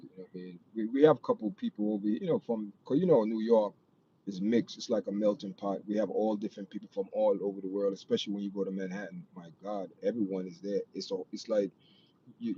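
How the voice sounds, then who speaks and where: Jamaican guy rambling on a livestream, dark mellow voice, dull lo-fi audio w faint hiss. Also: fairly low pitch, fast talker. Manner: rambling, repeats himself, lots of "you know what I mean". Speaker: livestream host. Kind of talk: casual livestream chat with viewers.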